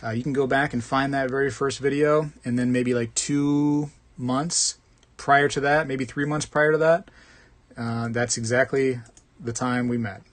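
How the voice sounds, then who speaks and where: Guy doing a live stream, just chatting, reads the comments and jokes around, says man a lot, pitch right in the middle. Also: fairly even intonation, a little slow. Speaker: host of a live coin collecting stream. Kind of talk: casual live-stream chat, reading viewer comments.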